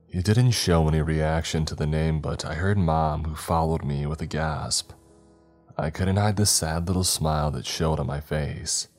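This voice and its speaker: Very deep-voiced man narrating horror. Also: normal speed, darkish tone, soft background music. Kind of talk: scripted horror story narration.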